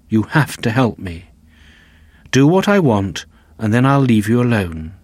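A man reading aloud as a lonely, bitter male creature who blames his maker, in a slow, plain storybook voice. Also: medium pitch, no room sound. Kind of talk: reading a graded reader aloud.

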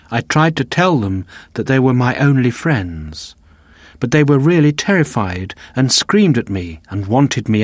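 A man slowly reading a simplified classic novel aloud for learners, including the page numbers, in an even, deliberate voice. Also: mid-range voice, no room sound. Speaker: audiobook narrator. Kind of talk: reading a graded reader aloud.

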